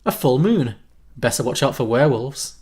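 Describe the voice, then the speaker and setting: A man's voice: mid-range voice, animated, moderate pace, darkish tone, lightly acted. A man voicing a laid-back young man with a posh London accent. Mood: teasing.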